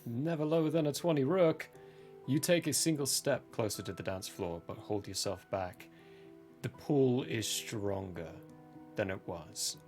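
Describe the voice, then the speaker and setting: A man of middle pitch runs a horror tabletop game as game master. He narrates scenes and gives rulings in a calm, matter-of-fact way, with soft music playing behind him. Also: unhurried.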